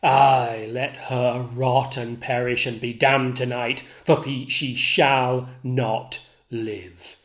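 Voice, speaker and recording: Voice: medium pitch, level tone, slow, hardly any pauses, lightly acted. A tutor reading a jealous raging general. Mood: raging grief. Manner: loud, anguished, swinging from shouts to hush. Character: jealous enraged general, a grown man. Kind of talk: dramatic reading of a play.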